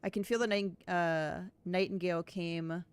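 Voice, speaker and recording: A woman's voice: on the low side, fairly even intonation, moderate pace, clean tone, no room sound. A woman streaming a game playthrough, chatting casually, thinking aloud and reading on-screen text. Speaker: gameplay streamer. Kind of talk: casual let's-play commentary.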